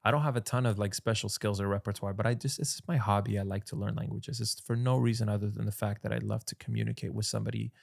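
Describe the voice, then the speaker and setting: A man being interviewed as an actor guest, chatting in a relaxed way and telling stories with some swearing. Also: fairly low pitch, fast talker, vocal fry, hardly any pauses, no room sound, studio quality. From Canada. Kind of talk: casual podcast interview.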